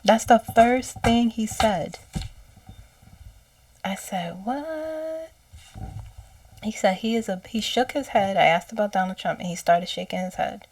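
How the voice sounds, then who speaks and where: A woman of middling pitch tells what she heard in a channeled session, pausing often and filling gaps with "um". She sits a little back from the mic. The room is dry and close. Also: a little mellow, no echo, distant mic. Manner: halting, with many fillers and quoted speech. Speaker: psychic channeler. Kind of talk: casual spoken recounting of a channeled message.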